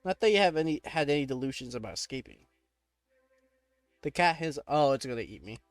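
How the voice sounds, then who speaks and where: A man's voice: medium pitch, expressive, fairly quick, dry recording. A man playing a text adventure, reading the game text aloud and reacting casually, laughing often and breaking off with startled exclamations.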